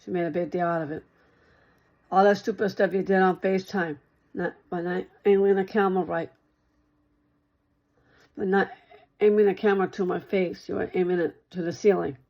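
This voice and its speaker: A woman's voice: on the low side, steady tone, normal speed, long pauses, muffled recording. A woman talking straight to one listener in a rambling monologue, repeating herself and circling back over the same points.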